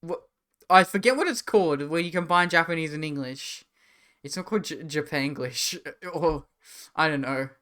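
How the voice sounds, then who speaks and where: A man's voice: on the high side, normal speed, bright, forceful tone, clean tone. A man, chatting casually and rambling on a live stream while reading chat.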